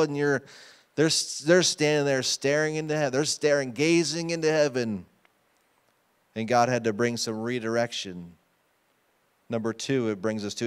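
A man's voice: on the high side, smooth. A pastor preaching a sermon to his congregation, emphatic and often asking them questions. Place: church sanctuary.

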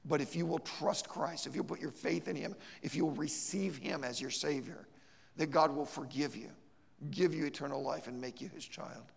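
Gravelly preacher in a reverberant church. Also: male voice, fairly high pitch, normal speed. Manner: emphatic, repeats words in restarts, storytelling. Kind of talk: sermon. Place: church sanctuary.

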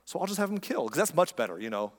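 Breezy, dismissive king, as a preacher puts him on, slightly high voice, hall reverb. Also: very animated, racing.

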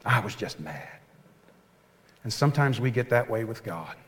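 A man preaching a sermon as pastor, earnest and folksy, often dropping to a soft hush. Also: medium pitch, lively intonation, a little slow, pauses often, slight background noise. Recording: long hall reverb.

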